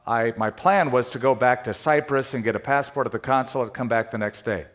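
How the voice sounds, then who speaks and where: A man's voice: mid-range voice, fairly quick. A middle-aged man from California preaching a sermon, telling a travel story with laughter before turning to scripture. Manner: animated storyteller, laughing through anecdotes.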